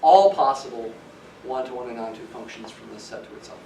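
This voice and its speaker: A man's voice: medium pitch, level tone, fast talker, gravelly. Male lecturer in an echoey classroom. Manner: explanatory, stresses key words. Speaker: math professor. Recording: echoey classroom from some distance, faint hiss.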